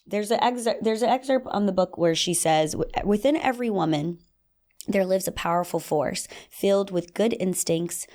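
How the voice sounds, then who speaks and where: A young adult woman hosting a solo podcast in casual, animated talk, acting out little scenes in playful voices. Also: medium pitch, unhurried. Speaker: podcast host.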